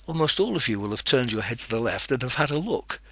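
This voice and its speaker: A man's voice: medium pitch, sing-song, quick pace, a bit bright, slightly rough, no echo. A man hosting a teaching podcast, explaining tips step by step and putting questions to the listener. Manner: instructive, poses questions to the listener. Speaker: podcast host.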